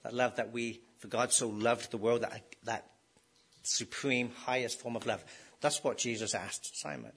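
A man's voice: medium pitch, steady tone, a little slow, a bit bright, slightly rough. A man preaching a sermon in a conversational way, often asking his listeners rhetorical questions.

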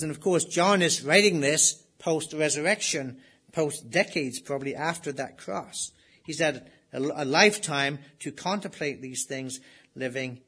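A man's voice: on the high side, fairly bright tone, husky. A middle-aged man preaching a sermon, explaining scripture in a conversational way, with rhetorical questions and emphatic readings of the text. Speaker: pastor. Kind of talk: expository sermon.

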